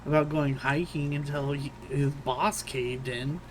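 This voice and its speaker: A man's voice: on the high side, fairly even intonation, a little slow, slight background noise, poor audio. A young man co-hosting a podcast in casual chat, laid-back and calling everyone "dude". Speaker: podcast co-host.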